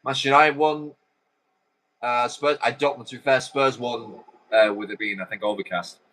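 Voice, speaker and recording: A man's voice: mid-range voice, fairly even intonation, normal speed, a bit bright, rough recording. A man hosting a watchalong, calling a football video game live with chatty, rambling asides. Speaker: host.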